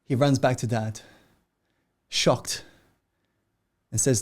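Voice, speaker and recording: A man's voice: medium pitch, steady tone, takes it slowly. A man narrating a motivational story in an earnest, dramatic way.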